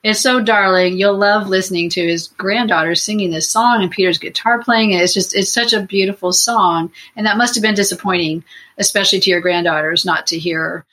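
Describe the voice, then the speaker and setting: A woman hosts an interview with a husky, slightly breathy voice. Her pitch is average for a woman. She gushes over her guest and often restarts her sentences. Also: a little fast, a bit bright, low-quality recording. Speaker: host.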